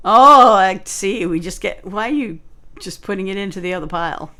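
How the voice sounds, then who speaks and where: A woman's voice: mid-range voice, normal speed, pushed and bright. A woman co-hosting a let's play, sarcastic in casual commentary and swearing freely. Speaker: co-host.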